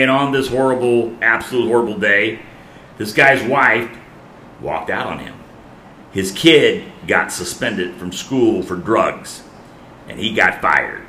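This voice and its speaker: A man pastor preaching a sermon, dramatic, repeating key lines and swinging between soft and loud. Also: deep voice, roomy sound, slight background noise.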